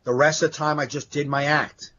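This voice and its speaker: A man's voice: on the high side, fairly quick. A man, a stand-up comedian, telling club stories in casual, profane podcast chat. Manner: profane, animated storytelling with acted quotes. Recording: dull lo-fi podcast audio.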